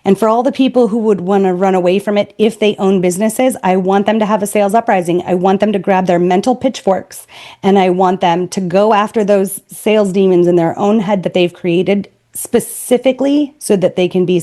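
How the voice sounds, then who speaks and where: A woman's voice: medium pitch, brisk, mellow. A woman sales trainer speaking as a podcast guest, blunt and emphatic. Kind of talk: podcast interview.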